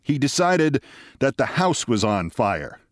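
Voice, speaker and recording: Man, podcast host, story reading, lively narration, middle pitch, dry close sound. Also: slow, no echo. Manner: lively storytelling, jumps high for quoted shouts. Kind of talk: reading a short story aloud.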